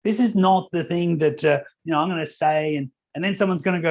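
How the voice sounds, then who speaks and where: A man's voice: fairly high pitch, lively intonation, fast, darkish tone, dull audio. A man giving a motivational keynote at a company conference, telling stories in a conversational way, with fillers. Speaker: keynote speaker.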